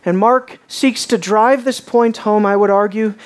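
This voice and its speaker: A man preaching a sermon, asking his listeners questions and dropping low and quiet on key lines. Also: fairly even intonation, unhurried. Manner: asks the audience questions.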